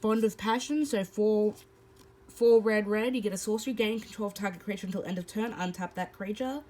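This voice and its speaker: A woman's voice: mid-range voice, fairly quick, darkish tone, poor audio. A woman hosting a card-opening video, reading card text and then chatting about each card, with some fillers. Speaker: host. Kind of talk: casual card-opening commentary.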